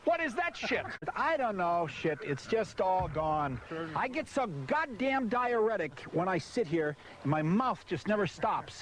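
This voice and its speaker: A man who swings up and down in pitch as he curses and rants at the crew between takes. His voice sits a little high for a man. A faint hiss of noise hangs under the old recording. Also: very animated, measured pace, a bit bright. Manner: cursing nonstop, frustrated, barking at crew. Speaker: voice-over announcer. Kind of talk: angry outtakes from a commercial recording session. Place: recording set with hot lights and a car.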